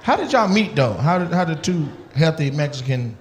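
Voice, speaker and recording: A man's voice: on the high side, sing-song. A male comedian doing profane, teasing crowd work with audience members. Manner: teasing, profane, quick banter. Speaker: stand-up comedian.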